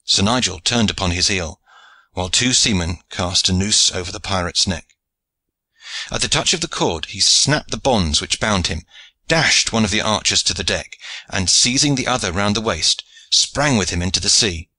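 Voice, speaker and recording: A man narrating a classic adventure novel in a measured storytelling manner. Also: low-pitched, expressive, pushed and bright, breathy edge. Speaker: audiobook narrator.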